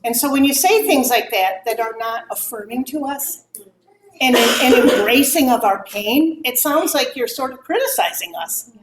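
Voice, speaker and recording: A woman's voice: high voice, normal speed, very noisy. A middle-aged woman speaking candidly about grief to a group of mothers, acting out the remarks people made to her. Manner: candid, animated, acts out quoted remarks. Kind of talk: talk to a moms' group. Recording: echoey room with faint ambience.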